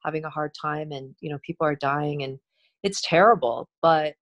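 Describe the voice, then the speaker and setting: A middle-aged woman, a TV host, chatting in an interview in an animated way, laughing often and restarting her sentences. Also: low voice, normal speed, highs cut off. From Korean heritage. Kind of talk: casual interview chat.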